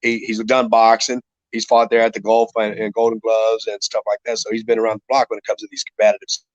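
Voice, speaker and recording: A man's voice: fairly low pitch, monotone, a little fast, dry recording, muffled recording. A middle-aged man telling a rambling, profane fight story in casual podcast talk. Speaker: retired MMA fighter guest.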